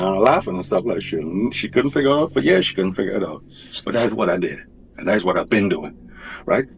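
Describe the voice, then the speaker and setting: A man's voice: on the low side, lively intonation, fast, creaky, a little hiss or hum. Rambling man, colloquial and insistent. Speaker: husband in a divorce dispute. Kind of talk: casual rambling talk.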